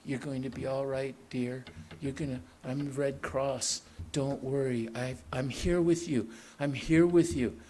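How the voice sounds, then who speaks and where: A man voicing a frightened but caring young woman volunteer who repeats words to steady herself, read slowly. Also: medium pitch, a little hiss or hum, lightly acted. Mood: soothing.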